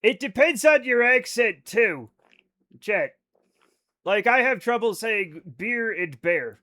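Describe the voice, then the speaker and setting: A man's voice: high-pitched, expressive, takes it slowly, bright, forceful tone. A man chatting casually on a live game stream, joking and rambling, with plenty of swearing. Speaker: livestreaming gamer.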